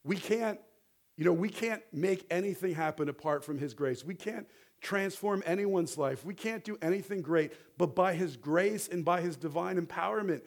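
A middle-aged man preaching a sermon as a rabbi, animated and building toward fervent exhortation, leading the congregation to repeat words back. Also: high voice, moderate pace. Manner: animated, rising to near-shouting exhortation; leads the congregation in call-and-response.

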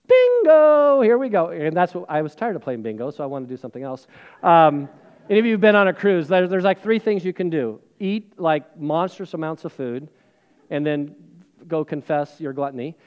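A middle-aged male pastor preaching a sermon, telling a personal story in a chatty, self-deprecating way with plenty of fillers, and dropping to a hushed voice for serious moments. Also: on the high side, a little fast, clean tone, dull audio.

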